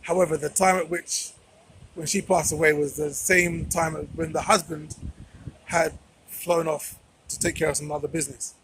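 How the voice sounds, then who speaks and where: A man's voice: on the high side, little pitch movement, normal speed, a bit bright, a little hiss or hum, low-quality recording. A man talking straight to camera in a commentary vlog, emphatic and repeating phrases for stress. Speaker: vlogger.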